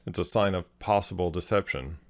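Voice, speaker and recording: A man hosting a video, calmly analyzing a clip and explaining each point step by step. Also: low-pitched, brisk. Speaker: host, body language analyst.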